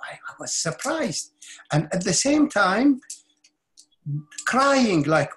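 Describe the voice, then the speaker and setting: A man's voice: sits high, big pitch swings, slow pace, long pauses, a bit bright. A middle-aged man, a spiritual teacher, telling a personal story in an interview with intense earnestness, often repeating and restarting words.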